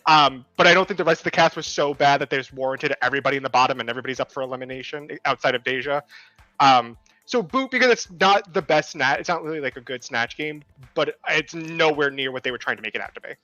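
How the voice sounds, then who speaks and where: A man's voice: medium pitch, quick pace, sharp tone, no echo, soft background music. Rambling male co-host, lo-fi mic. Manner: rambling, with many fillers and restarts. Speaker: podcast co-host. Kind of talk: casual chat. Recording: slightly dull lo-fi mic.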